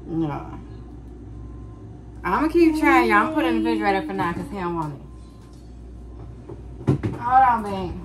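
A young mother talks to her phone camera at home. Her voice sits at a middling pitch, and she speaks casually. She keeps turning to her viewers with "y'all", and a faint hum of the room sits behind her. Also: expressive, normal speed, pauses often. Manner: chatty, addresses viewers as y'all constantly. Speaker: vlogger mom. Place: home kitchen and living room.

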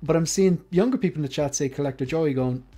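Chatty higher-voiced male stream host. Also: fast talker, mellow. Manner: chatty, jokey, rambling with restarts. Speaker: livestream host. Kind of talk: casual panel chat.

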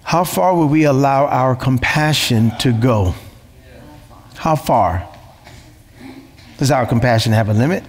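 A man's voice: mid-range voice, a little slow, long pauses, big-room sound. A man preaching a sermon as pastor, emphatic, repeating phrases and asking rhetorical questions.

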